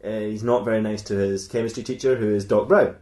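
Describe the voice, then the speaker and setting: A man's voice: fairly low pitch, fairly even intonation, quick pace, darkish tone. A man improvising a comic story, rambling and correcting himself as he goes, in an echoey room. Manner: rambling, self-correcting, laughing at own jokes. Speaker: podcast host.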